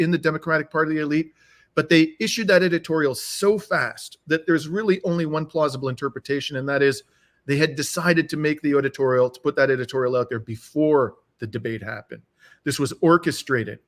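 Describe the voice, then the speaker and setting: A man's voice: on the high side, a bit bright. Emphatic man on a video call. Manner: emphatic, repeats phrases for force. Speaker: guest commentator. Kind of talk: remote interview. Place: home in Canada.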